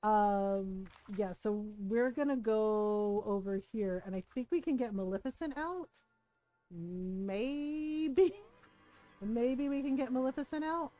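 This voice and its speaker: A woman's voice: fairly high pitch, slow pace, mellow, soft background music. A woman streaming a video game, chatting casually with viewers, rambling with ums and frequent laughs. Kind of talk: casual live-stream chat.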